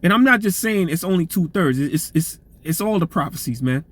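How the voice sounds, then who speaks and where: High-voiced man preaching loosely. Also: expressive, fairly quick. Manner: loose, profane preaching with frequent "man" tags; repeats words and restarts while reading aloud. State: voice getting strained. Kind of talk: informal scripture teaching.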